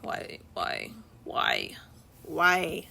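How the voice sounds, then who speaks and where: A woman's voice: deep voice, wildly swooping pitch, very slow, vocal fry, sharp tone, a little hiss or hum. A young woman chatting casually while she draws on a live stream at home, rambling and laughing often. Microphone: streaming from an iPad.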